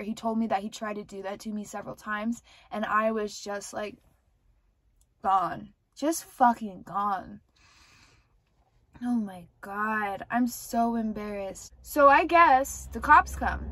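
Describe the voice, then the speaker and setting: A woman's voice: a little high, a little slow, fairly bright tone, no room sound. A young woman candidly rambling through a personal storytime, with lots of filler words and cursing. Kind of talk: casual storytime monologue.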